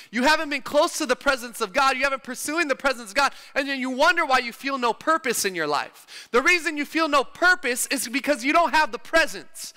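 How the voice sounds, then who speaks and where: Man, preacher, sermon, smooth resonant voice, emphatic, repeats phrases. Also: very high voice, sharp tone. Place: church hall. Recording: long church-hall reverb.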